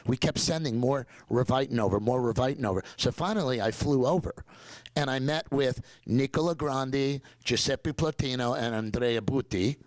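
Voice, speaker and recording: Energetic older man telling stories. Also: medium pitch, no room sound, rough recording. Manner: energetic, digressive, slips into mock accents for quotes. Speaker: dentist guest. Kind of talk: enthusiastic conversational storytelling.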